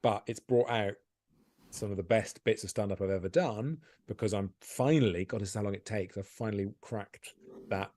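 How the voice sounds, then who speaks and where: A man, a stand-up comedian, talking candidly and self-deprecatingly in a podcast interview, animated and often laughing. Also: fairly low pitch, normal speed.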